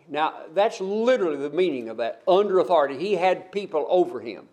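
A man with a high voice preaches a sermon. He retells the story with emphasis, adds folksy asides and often repeats words when he starts a phrase over. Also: big pitch swings, fairly quick, a little mellow.

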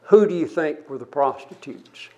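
A man's voice: a little high, lively intonation, dark tone, muffled recording. Earnest older man preaching a sermon. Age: 70s. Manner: earnest, halting, with frequent restarts. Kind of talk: sermon to a congregation.

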